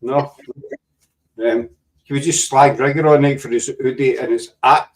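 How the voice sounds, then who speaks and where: A man's voice: mid-range voice, fairly even intonation, moderate pace. A Scottish man hosting a casual live panel chat, rambling and teasing his guests. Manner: jokey, rambling, teasing banter. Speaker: show host. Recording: distant from the mic.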